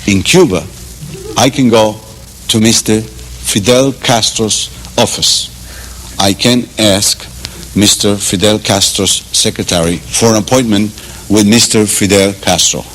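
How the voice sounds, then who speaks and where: A man's voice: lowish voice, long reverb tail, a little hiss or hum, low-quality recording. A man voicing a sly Cuban man who answers with mock-earnest repetition. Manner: mock-earnest, building to a shout. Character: sly male Cuban man topping a brag.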